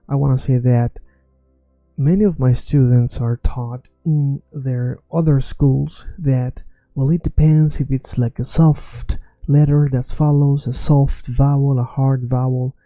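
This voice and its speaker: A non-native English speaker with a mid-range voice confidently explains a language lesson online, self-assured and animated as a teacher. The recording has no echo.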